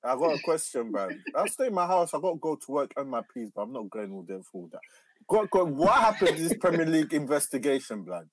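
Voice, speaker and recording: A man's voice: on the high side, sing-song, fast talker, poor audio. A young man on a football podcast, heavy on slang and pushing in to ask his question. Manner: heavy slang, keeps repeating he has a question. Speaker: podcast co-host. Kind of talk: casual football banter.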